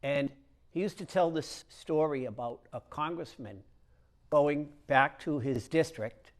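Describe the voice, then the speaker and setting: Speaking a little high, a Catholic priest offers a homily in a conversational style, full of storytelling and hesitant pauses.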